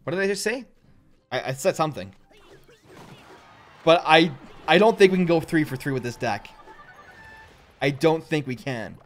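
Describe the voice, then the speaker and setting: A young man hosting a gaming channel, giving gameplay commentary and jumping to loud, excitable outbursts. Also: on the high side, moderate pace, long pauses, soft background music.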